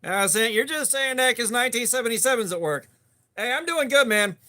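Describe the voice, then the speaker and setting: High, bright-voiced man streaming. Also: expressive, a little fast. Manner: laid-back, greets chat viewers by name. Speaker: livestream host. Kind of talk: casual live stream chat.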